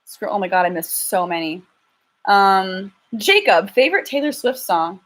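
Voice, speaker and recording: A woman's voice: mid-range voice, lively intonation, normal speed, a bit bright. A young woman chatting casually on a live stream, frank and self-deprecating, often stumbling and restarting as she answers viewers' questions. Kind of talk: casual live-stream chat reading super chats. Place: home, lives in LA.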